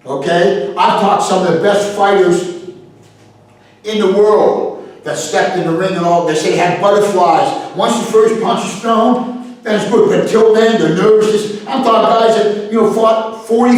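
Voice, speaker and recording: A blunt, animated man, middle-aged, talking as a self-defense instructor in a podcast monologue. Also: sits high. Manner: blunt, animated, swears freely. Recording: very echoey room, far from the mic.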